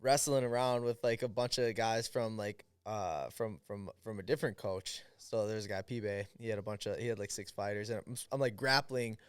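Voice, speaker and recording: Smooth-voiced American man telling a story. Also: fairly low pitch, moderate pace, hardly any pauses, no room sound, clean studio sound. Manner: animated, quotes people in lively voices, many fillers. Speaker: podcast guest, fighter. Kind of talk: casual storytelling.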